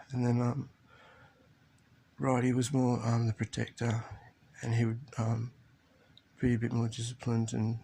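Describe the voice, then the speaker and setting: A father telling a tender family story in a halting, rambling way, recorded in an airplane cabin. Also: medium pitch, completely flat delivery, gravelly, a little mellow, breathy edge. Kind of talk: rambling personal video diary.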